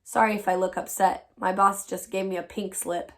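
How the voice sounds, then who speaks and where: A woman reading aloud, voicing a friendly adult woman who just lost her job, warm and rueful. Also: mid-range voice, little pitch movement, moderate pace, lightly acted. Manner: warm, rueful, good-humoured.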